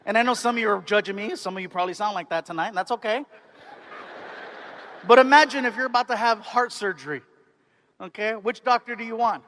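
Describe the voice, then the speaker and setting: A man doing a stand-up comedy set, telling animated stories and switching into put-on voices. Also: high-pitched, fairly quick, long pauses, slight background noise.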